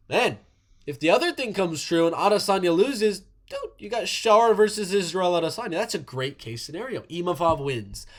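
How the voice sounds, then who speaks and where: A man giving casual solo commentary on MMA fights, animated, often repeating words and restarting sentences. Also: a little high.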